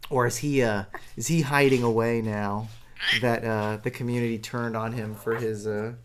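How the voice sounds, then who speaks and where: A man's voice: medium pitch, steady tone, normal speed, slight background noise. A man streaming live, answering viewer chat in a rambling, self-deprecating way and chuckling often.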